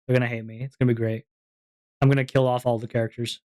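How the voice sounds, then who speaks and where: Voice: mid-range voice, flat delivery, quick pace, darkish tone. Giggly, rambling streamer. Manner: rambling, giggly, lots of fillers. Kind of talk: casual stream chat.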